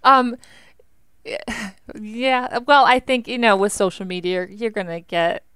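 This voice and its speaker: A young woman, a veteran, chatting in an interview with an animated, talkative manner full of "like". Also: medium pitch, measured pace, smooth, no echo. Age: young adult. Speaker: veteran guest. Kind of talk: interview conversation.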